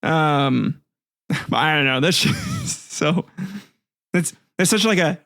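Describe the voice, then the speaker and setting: A man's voice: on the high side, huge pitch swings, slow pace, fairly bright tone, no room sound, clean studio sound. A man hosting a casual history podcast, retelling myths with swearing, laughter and jokey asides, often restarting his sentences. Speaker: podcast host.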